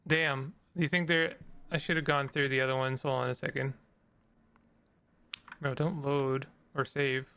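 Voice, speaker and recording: A man hosting a let's play, chatting excitedly and laughing often as he reads the game's text aloud. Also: mid-range voice, normal speed, clean tone. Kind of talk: casual gameplay commentary, reading game text aloud.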